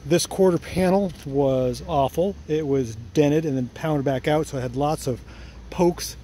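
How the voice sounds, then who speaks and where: A man's voice: medium pitch, a little mellow, slight background noise. A man casually walking through his workshop, rambling about his car restoration and catching his own mistakes as he goes. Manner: rambling, self-correcting, fond of the cars. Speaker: car restorer and channel host. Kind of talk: casual shop walkaround vlog. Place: home workshop and driveway.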